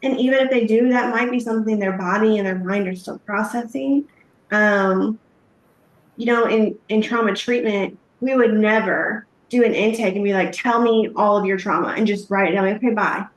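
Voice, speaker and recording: A woman's voice: medium pitch, normal speed. A woman giving a live training talk on trauma-informed care, conversational, with frequent fillers and acted-out sample questions. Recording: echoey room.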